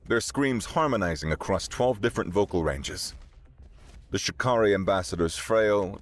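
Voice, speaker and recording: A man narrating a sci-fi story in a steady, dramatic way. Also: deep voice.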